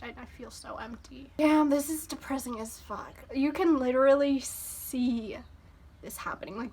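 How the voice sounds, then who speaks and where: A woman's voice: high voice, a little slow. A young woman vlogging her first reaction to an album, talking casually and getting openly emotional, gushing and exclaiming between her thoughts. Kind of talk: casual music reaction commentary. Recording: music playing behind her. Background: music playing.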